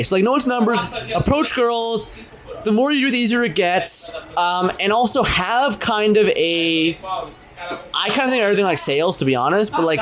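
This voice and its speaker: A young man with a high voice chats on a podcast, talking fast and animatedly and acting out his own pickup lines. He swears freely. A busy crowd murmurs clearly behind him. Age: 20s. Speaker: podcast co-host. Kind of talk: casual podcast chat.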